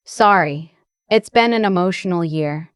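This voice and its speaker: A woman voicing a soft-spoken young woman in an audio drama, who speaks gently and confidingly with emotion close to the surface. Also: fairly low pitch, a little slow, clean tone, dry recording, natural voice. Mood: tender.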